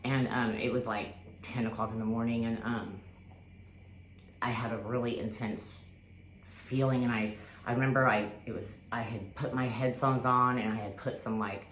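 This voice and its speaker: A woman's voice: very deep voice, steady tone, normal speed. A woman telling a personal spiritual story in casual, rambling talk, full of fillers and restarts, with the odd swear word. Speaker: spiritual vlogger. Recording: echoey room with faint background hiss.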